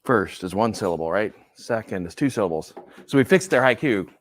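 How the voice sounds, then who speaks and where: A man's voice: fairly low pitch, animated, brisk, slight background noise. A male professor giving a classroom lecture in a conversational way, often checking in with "right?". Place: lecture hall.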